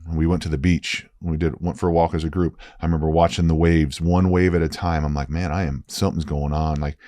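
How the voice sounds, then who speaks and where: Man, very low voice, earnest emphatic storyteller, dry close mic. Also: flat delivery, quick pace, dark tone, no room sound. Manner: earnest, emphatic, repeats "right?". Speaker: former football player, guest. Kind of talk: candid storytelling.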